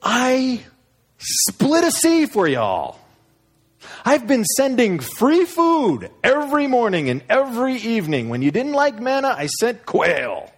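A man's voice: extremely high pitch, wildly swooping pitch, slow, voice pushed up, heavily acted. A man voicing God as an exasperated, fatherly figure scolding his people. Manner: exasperated, listing grievances.

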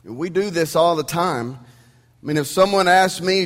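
A pastor with an East Texan accent preaches a sermon in a church sanctuary, emphatic and conversational and leaning on rhetorical questions. His slightly high voice moves at a normal speed and carries through a sound system in a large hall.

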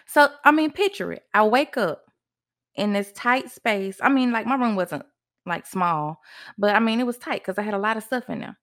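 A young woman hosting a podcast tells a personal story as if confiding in a friend, speaking at a medium pitch and normal speed. She's animated, and her voice shoots up sharply whenever she acts out what she said back then.

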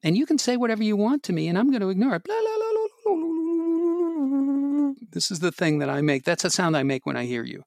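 A man's voice: extremely high pitch, expressive, brisk, creaky, darkish tone, no echo, clean studio sound, pitched above the performer's own voice, exaggerated voice. A man playing a stammering, anxious boy. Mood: defiant. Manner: stammering, upset. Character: anxious boy dreading a party. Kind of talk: parenting role-play.

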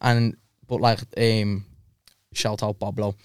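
Brief: young guy, podcast guest, laid-back and sweary, smooth clear tone, close dry studio mic. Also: fairly low pitch, level tone, slow, no echo. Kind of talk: casual chat.

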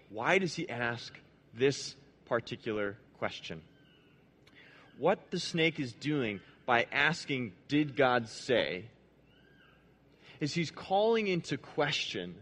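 A man preaching a sermon in a conversational way. He asks the audience questions, restarts his words, and drops low and soft for emphasis.

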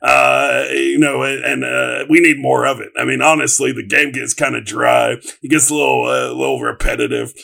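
Gravelly bright-voiced man talking sports. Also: mid-range voice, steady tone, moderate pace, hardly any pauses. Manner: hesitant, lots of uh fillers. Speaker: panelist. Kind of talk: casual sports talk.

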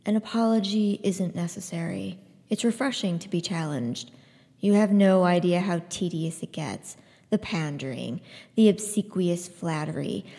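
A dignified man speaks softly and without hurry, unbothered by anything around him, as a woman reading aloud gives him voice. His lines come quieter and slightly lower than the narration. A long hall reverb trails each phrase. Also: gravelly. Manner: gentle, measured and soft. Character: calm, dignified older male executioner.

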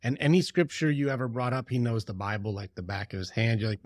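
A man co-hosting a casual conversation, telling stories in an animated way with quick asides. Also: medium pitch, dry recording, studio quality. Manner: animated storyteller, lively with impressions and asides. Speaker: podcast co-host.

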